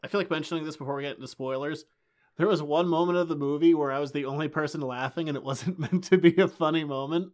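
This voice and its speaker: High-pitched and fast-talking, this late-twenties podcast co-host keeps the comics chat casual, cracking jokes animatedly and laughing a lot.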